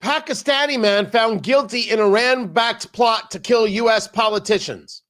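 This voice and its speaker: A man's voice: very high voice, normal speed, fairly bright tone. A man hosting a political talk show, delivering an emphatic, sarcastic commentary monologue full of jokey asides. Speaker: radio talk show host.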